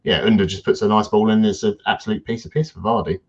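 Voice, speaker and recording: A man in his thirties co-hosting a football podcast, blunt and chatty. His voice sits low, and the recording sounds a little dull and lo-fi. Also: fairly even intonation, fast talker, slightly rough. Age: 30s. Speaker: podcast co-host. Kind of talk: casual football chat.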